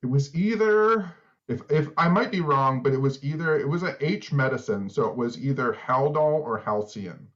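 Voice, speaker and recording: A man's voice: mid-range voice, expressive, normal speed. A middle-aged man co-hosting a podcast, telling stories in a rambling casual way with lots of filler words. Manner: rambling storyteller, many "like" fillers. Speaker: podcast co-host. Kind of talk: casual chat. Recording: slightly dull lo-fi sound.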